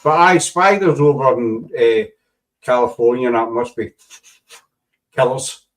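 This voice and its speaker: A man's voice: medium pitch, animated, unhurried, poor audio. A man, hosting a casual chat and rambling through stories with many asides. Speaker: podcast host.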